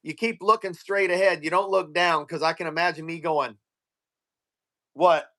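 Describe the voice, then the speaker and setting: A man's voice: fairly high pitch, fairly even intonation, a little fast, pushed and bright. A man telling crude, joking stories with lots of swearing as a guest on a live stream. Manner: profane, joking storyteller. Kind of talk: casual chat.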